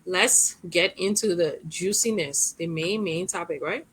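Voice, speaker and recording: A woman from Liberia co-hosting a panel chat. Her voice is bright and sharp, and her manner is blunt and dismissive. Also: on the low side, measured pace, breathy edge. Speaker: co-host.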